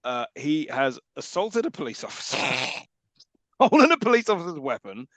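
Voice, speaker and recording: A man's voice: on the high side, normal speed, no room sound. A man co-hosting a podcast, cracking sarcastic jokes about a film. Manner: sarcastic, jokey, animated. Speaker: podcast co-host. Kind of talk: casual film recap chat.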